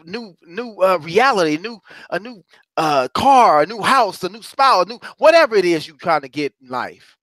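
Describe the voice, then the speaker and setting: A high-pitched man preaching as a motivational courage coach, talking in with emphatic, repeated phrases. His voice swings from quiet low asides up to loud, soaring calls. The sound is dry and close, with no room around it. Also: dry recording. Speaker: self-described courage coach. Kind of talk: motivational talk to a congregation.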